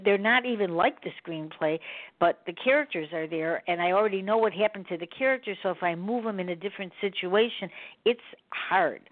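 A woman's voice: lowish voice, no room sound. Rambling woman host on a phone line. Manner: rambling, animated, laughs often. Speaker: radio show host. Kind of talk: casual chat.

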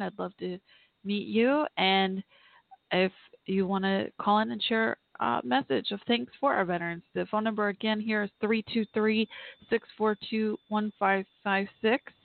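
A woman's voice: medium pitch, vocal fry, no echo. Chatty woman host on a tinny line. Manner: chatty, apologetic, thinks aloud. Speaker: podcast host. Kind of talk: casual call-in show chat. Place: home office.

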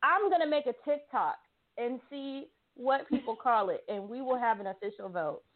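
A woman's voice: on the high side, normal speed, narrow, tinny audio. A woman from South Carolina with a Southern US accent, hosting a talk show in a chatty, teasing way and talking straight to her listeners. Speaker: show host. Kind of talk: casual talk show chat.

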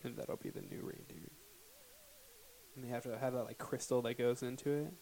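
A man's voice: medium pitch, moderate pace, vocal fry, mellow, a little hiss or hum. A young man co-hosting a comedy show, chiming in with goofy, agreeable musings. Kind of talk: improvised comedy banter.

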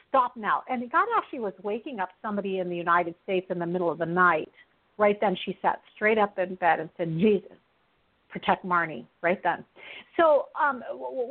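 A woman hosting a Christian talk show, telling personal stories earnestly and with animation, often laughing. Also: medium pitch. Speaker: radio show host. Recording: tinny phone-like sound.

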